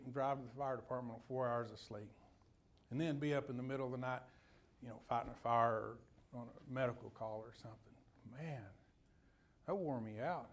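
A man's voice: mid-range voice, fairly quick. A man preaching a sermon in a folksy, conversational way, telling personal stories and putting questions to his listeners.

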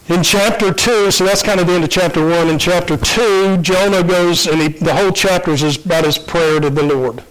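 Guy giving a laid-back sermon, kinda high voice, lots of ums and restarts. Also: low-quality recording. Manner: casual and conversational, many fillers and restarts. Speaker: preacher. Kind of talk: informal sermon retelling a Bible story.

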